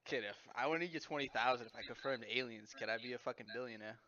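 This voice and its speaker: A young man in casual voice chat, talking fast in long profane rambles. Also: medium pitch, bright, forceful tone, dull audio.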